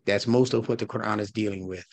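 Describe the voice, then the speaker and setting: A man's voice: on the low side, fairly even intonation, fast, no room sound. A man teaching a recorded religious class, who challenges his listeners with rhetorical questions and repeats his key points. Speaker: religious instructor.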